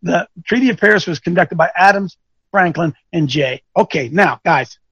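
A man coaching an audience, speaking in an animated, teasing way that quizzes listeners with questions and thinks aloud. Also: sits high, moderate pace, slightly rough, no room sound, lo-fi sound. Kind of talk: lecturing talk with rhetorical questions.

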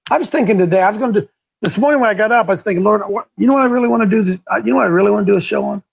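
A fervent male talk radio host preaching in a high, gravelly, husky voice, driving his points home again and again. The audio is dull and lo-fi. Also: rapid-fire. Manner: fervent, repeats points for emphasis.

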